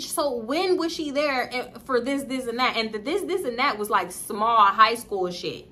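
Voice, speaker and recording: Animated Southern American woman telling a story. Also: unhurried. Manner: animated, acts out quoted dialogue with big pitch jumps; slangy, profane, addresses viewers as y'all. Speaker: storytime vlogger. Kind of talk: casual storytime.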